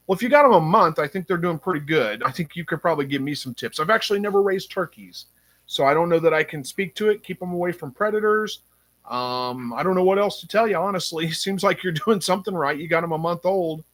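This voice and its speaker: A man hosting a casual live stream, reading viewer comments aloud and thinking out loud with frequent ums. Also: fairly high pitch, expressive, moderate pace. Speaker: livestream host reading chat.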